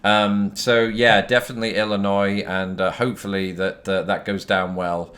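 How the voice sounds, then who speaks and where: British man, low voice, rambling chat. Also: little pitch movement, normal speed, fairly bright tone. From Britain. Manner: rambling and self-deprecating, with many fillers. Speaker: YouTube host answering viewer questions. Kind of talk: casual chat. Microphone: phone.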